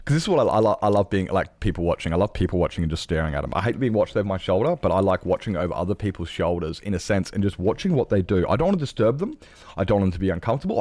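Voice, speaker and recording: In a dry recording, a man with a lowish voice talks casually to his stream viewers and their live chat. His talk wanders, he keeps correcting himself, and he curses without restraint.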